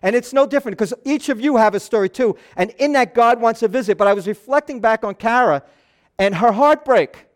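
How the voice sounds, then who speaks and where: Pastor, man, higher-pitched nasal voice, earnest chatty sermon delivery. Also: brisk. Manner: earnest, loose asides and restarts. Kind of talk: conversational sermon.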